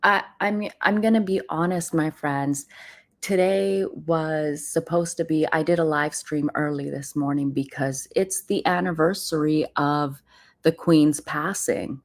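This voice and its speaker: A woman hosts a casual livestream, talking straight to her viewers and calling them friends. Her voice sits low. She takes her time, speaking in an unhurried way. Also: steady tone. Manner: chatty, addresses viewers as friends. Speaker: host of a livestream channel. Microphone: computer mic on a live stream.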